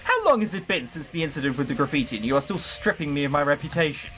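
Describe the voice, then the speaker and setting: A man's voice: on the high side, animated, fast talker, a bit bright, soft background music. A man voicing a cold, snobbish rich male businessman in a visual novel, with formal, clipped diction.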